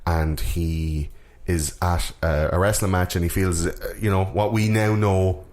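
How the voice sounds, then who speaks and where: A man co-hosting a film podcast, chatting in a jokey, animated way and swearing freely. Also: sits low, a little slow. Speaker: podcast co-host. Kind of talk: casual film-review chat.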